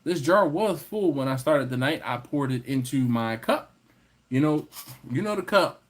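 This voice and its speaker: A man's voice: medium pitch, animated, moderate pace. A man hosting a casual livestream, reading viewer comments and teasing the chat. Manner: playful, teasing, banters with chat. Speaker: livestream host.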